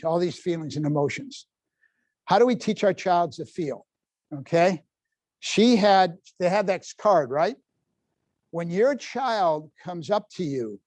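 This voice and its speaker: A man in his seventies runs a parenting workshop in a library meeting room. His voice sits a little high and sounds dry and close. He talks in a lively, folksy way and keeps asking the audience questions. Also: no echo. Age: 70s. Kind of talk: live workshop talk to parents.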